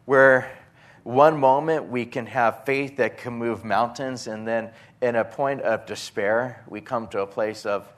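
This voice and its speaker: A man preaching a sermon in an earnest, halting way, with frequent restarts, reading scripture aloud. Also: mid-range voice. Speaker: pastor.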